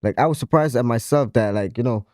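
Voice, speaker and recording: A man's voice: medium pitch, fast talker, a little mellow, no room sound, studio quality. A man on a casual podcast, speaking earnestly and repeating phrases for emphasis. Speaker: podcast co-host.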